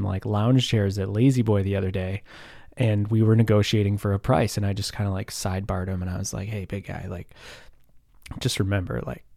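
A man in his thirties telling stories in a relaxed, rambling chat, full of fillers and quick laughs. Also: on the low side, no echo, clean studio sound. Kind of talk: casual storytelling chat.

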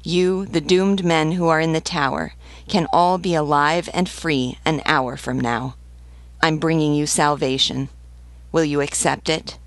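A woman's voice: low voice, steady tone, unhurried, no echo. A woman voicing a stern male revolutionary priest who pleads earnestly with besieged men, in an audiobook reading. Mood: solemn.

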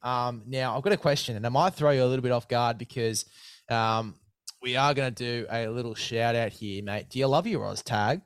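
An Australian man hosts a casual sports podcast, talking in a blokey, chatty way. His voice is smooth and resonant, middle-pitched. The sound is close and dry. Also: normal speed, no echo. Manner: blokey, keeps saying mate, hammy ad read. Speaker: podcast host. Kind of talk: casual sports preview chat.

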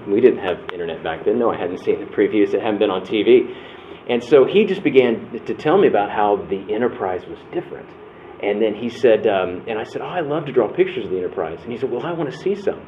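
A man's voice: lowish voice, animated, fast. A man giving a conversational talk at a church workshop, telling personal stories and acting out the quotes. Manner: conversational, restarts and acts out quotes. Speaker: breakout session speaker. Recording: tinny phone-like sound with faint noise.

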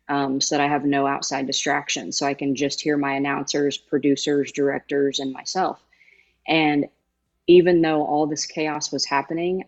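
A woman's voice: low voice, lo-fi sound. A woman guest in an interview, telling an emotional story with emphatic, heartfelt delivery. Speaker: guest, former sideline reporter. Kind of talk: conversational interview.

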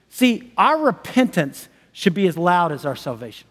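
Man, pastor, high voice, lively sermon, long hall reverb. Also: moderate pace. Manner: enthusiastic, chatty with frequent laughs. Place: large church hall.

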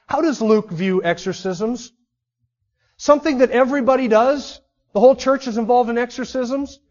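A man's voice: high voice, a little mellow. A man preaching an expository sermon, emphatic and full of rhetorical questions to his listeners. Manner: emphatic, asks the audience many rhetorical questions. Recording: dull lo-fi sermon recording.

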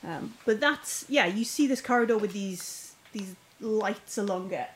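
A woman's voice: mid-range voice, unhurried, a little hiss or hum, rough recording. A woman narrating a tabletop game as game master, rambling with lots of fillers and restarts.

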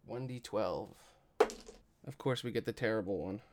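A man running a tabletop game as game master, with slow, dramatic narration and casual asides. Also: on the low side, very noisy.

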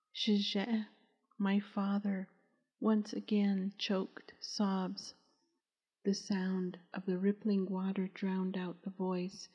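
A woman reads an audiobook at a slow, measured pace. Her voice is nearly monotone and a little husky. The recording is dull and carries a long echo. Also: mid-range voice. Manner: slow, measured, even reading. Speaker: audiobook narrator. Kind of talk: audiobook narration.

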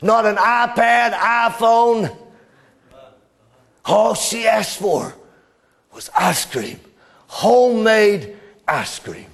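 Male preacher, high-pitched, impassioned storyteller, booming then hushed. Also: vocal fry. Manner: impassioned storytelling preacher, swinging between loud cries and hushed drops. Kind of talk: sermon.

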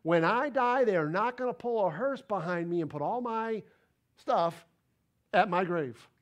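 Pastor guy preaching, up high and swings all over, keeps repeating stuff for emphasis. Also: measured pace, muffled recording. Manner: animated and emphatic, repeats words for stress. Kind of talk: sermon.

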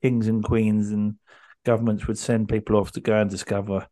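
A man's voice: lowish voice, level tone, moderate pace, mellow. A man hosting a podcast, telling a story in a rambling way with many ums and restarts. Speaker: podcast host. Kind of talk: casual podcast chat.

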